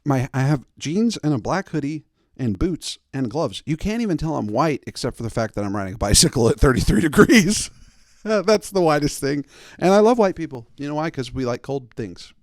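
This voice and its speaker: A man's voice: on the high side, very animated, moderate pace, a little mellow, dry recording, studio quality. A man in his thirties hosting a show, telling a long comic story with many rambling asides. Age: 30s. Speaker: host. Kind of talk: comic monologue.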